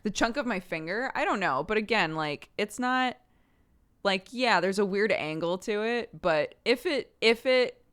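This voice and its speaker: A woman's voice: on the low side, a bit bright, smooth. A woman in her thirties streaming, chatting casually and rambling through viewer questions with many restarts. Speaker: livestreamer.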